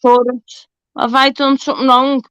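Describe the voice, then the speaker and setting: A woman's voice: high voice, a little fast, fairly bright tone, no room sound, low-quality recording. A woman on a video call, chatty and scattered in casual talk. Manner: scattered, chatty, half-sung asides. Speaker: panel guest. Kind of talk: casual chat.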